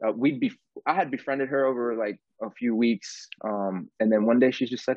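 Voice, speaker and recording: Male podcast guest, low voice, chatty storyteller who acts out the dialogue, dull dry recording. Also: normal speed, no echo. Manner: animated, says "bro" a lot, acts out quotes. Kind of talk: casual storytelling interview.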